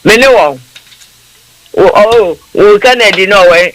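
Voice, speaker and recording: A man's voice: high voice, lively intonation, a little slow, fairly bright tone, a little hiss or hum, rough recording. A man from Ghana, calling in to a radio talk show and speaking in an impassioned, preachy way. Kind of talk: radio phone-in political talk.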